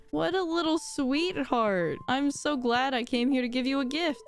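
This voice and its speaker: A woman giving casual, excitable and self-mocking commentary while playing a farming game. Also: high voice, a little slow, few pauses. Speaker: let's play gamer.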